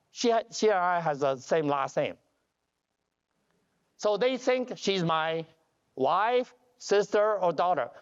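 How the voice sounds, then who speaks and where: A man giving a joking conference keynote as a company CEO, telling animated stories with broken grammar and restarts. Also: sits high. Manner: animated storytelling with jokes; non-standard grammar, restarts. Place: conference hall. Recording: dull lo-fi conference audio.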